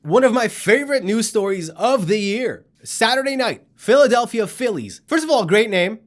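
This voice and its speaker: Lively sarcastic comedy news host, a man. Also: high voice, moderate pace, soft background music. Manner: sarcastic, mocking, acts out characters.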